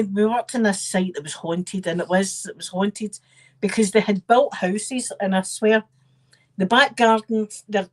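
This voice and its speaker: A woman with a Scottish accent telling rambling, animated family anecdotes in a casual chat, with frequent asides. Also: mid-range voice. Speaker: channel host.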